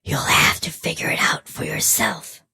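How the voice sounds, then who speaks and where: A man voicing a sly old rhyming witch, teasing in a breathy half-whisper for a storybook. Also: moderate pace, bright, forceful tone, no echo, clean studio sound. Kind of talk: storybook voice acting.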